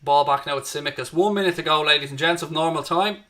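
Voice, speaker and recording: An Irish man hosts a live football watchalong with a bright, forceful voice. He greets his viewers by name and calls the play as it happens. His voice sits somewhat high for a man. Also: fast. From Ireland. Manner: chatty, greets viewers and reads their chat, lifts up at match action. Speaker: host of a live match watchalong. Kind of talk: live fan commentary on a streamed watchalong.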